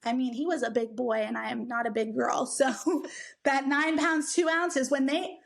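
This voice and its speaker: A young woman co-hosting a podcast, telling a personal story in a casual, animated way and acting out what people said. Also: high voice, moderate pace, vocal fry. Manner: animated, acts out quoted people, many "like" fillers. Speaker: podcast co-host.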